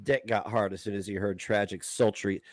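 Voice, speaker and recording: A man's voice: lowish voice, steady tone, fairly quick. A man on a live stream clip, talking in a crude, profane and taunting way.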